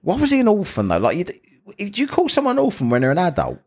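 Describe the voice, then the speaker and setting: Lively, jokey man. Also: high-pitched, fast, breathy edge. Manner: jokey, rambling, laughs often. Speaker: podcast host. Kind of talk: casual chat.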